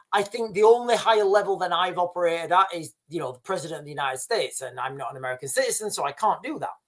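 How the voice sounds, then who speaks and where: A man's voice: high voice, a bit bright. Blunt man lecturing his stream. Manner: blunt, emphatic, repeats points, keeps calling the viewers guys; frequent restarts and fillers. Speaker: livestream host. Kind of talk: livestream talk to viewers.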